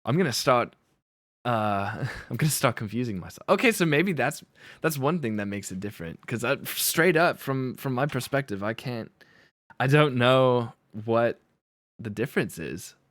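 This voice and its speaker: A male streamer chatting live at his desk mic, rambling along and breaking into laughter again and again. His voice sits at an ordinary pitch, and the sound is dry and close with almost no room echo. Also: animated, moderate pace, fairly bright tone. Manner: rambling, laughs often, self-corrects. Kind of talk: casual live-stream chat.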